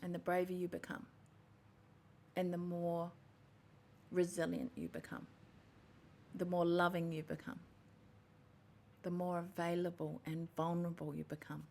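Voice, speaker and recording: A woman's voice: on the low side, completely flat delivery, measured pace, creaky, long pauses, darkish tone, a little hiss or hum. A woman hosting a podcast, talking through a reflective personal monologue in an earnest, heartfelt way that often stops to rephrase. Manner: earnest and heartfelt, with self-repairs. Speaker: podcast host.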